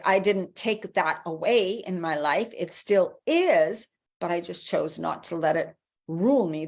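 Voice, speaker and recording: A woman in her forties speaks in a fairly low, easygoing voice, coaching her viewers. She talks in a chatty, encouraging way and sometimes acts out the doubting voice in their heads. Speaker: life coach. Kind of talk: motivational video talk.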